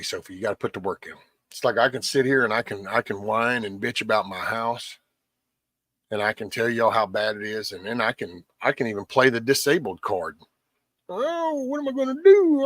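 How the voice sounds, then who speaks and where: A man's voice: fairly low pitch, quick pace, fairly bright tone, dry recording, studio quality. A man hosting a casual livestream, rambling bluntly with lots of cussing and a preachy edge. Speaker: livestream host.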